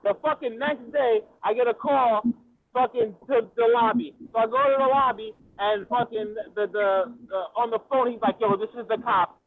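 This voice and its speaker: A man telling a story over casual chat, profane and excitable, with slangy street talk. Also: extremely high pitch, normal speed. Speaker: storyteller guest. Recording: tinny phone-like audio.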